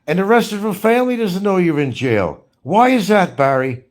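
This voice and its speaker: Angry swearing man, lively pitch. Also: moderate pace. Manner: profane, scolding, heated rhetorical questions. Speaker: commentary streamer. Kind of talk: angry ranting commentary.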